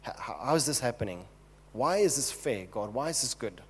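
A man's voice: mid-range voice, lively intonation, brisk, breathy edge. A man preaching who voices King David as a desperate man pleading urgently with God. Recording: long hall reverb.

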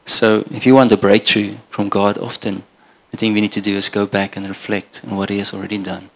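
Gravelly, even-toned male preacher from Namibia. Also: on the low side, brisk. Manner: earnest, conversational preaching with restarts. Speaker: pastor. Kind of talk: sermon.

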